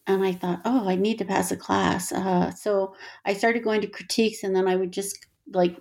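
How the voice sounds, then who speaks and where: A woman's voice: medium pitch, fairly even intonation, normal speed, hardly any pauses, a little mellow. A middle-aged woman artist and teacher talking reflectively in an interview, with frequent laughter and restarts. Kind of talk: conversational interview.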